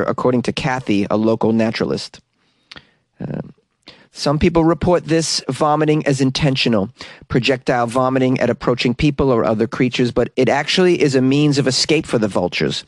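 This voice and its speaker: Male comic host, sarcastic news riffs, mid pitch, dry close mic. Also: no echo. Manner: sarcastic, riffing with asides. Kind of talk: comedic news commentary.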